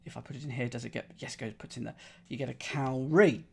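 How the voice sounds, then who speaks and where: A man's voice: mid-range voice, fairly even intonation, fast talker, vocal fry, slightly rough. A man solving a crossword live on stream, thinking aloud in a playful, muttering way. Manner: playful, muttering to himself while reasoning.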